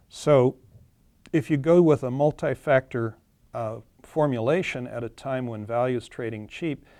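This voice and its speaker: The clip features a male webinar presenter explaining charts simply, with a few fillers and self-corrections along the way. He has a mid-range, darkish voice, captured without echo.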